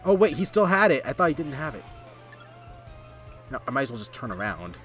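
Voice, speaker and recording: A man streaming live gameplay, reacting excitedly, yelling and laughing at the game. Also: medium pitch, moderate pace, pauses often, breathy edge, soft background music. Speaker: gaming streamer.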